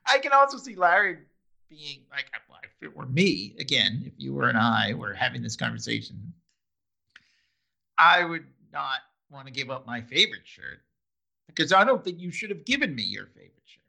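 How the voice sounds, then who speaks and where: A man's voice: mid-range voice, very animated, moderate pace, gravelly, bright, forceful tone. A man co-hosting a casual chat, recapping a TV episode, laughing often and restarting his sentences. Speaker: podcast co-host.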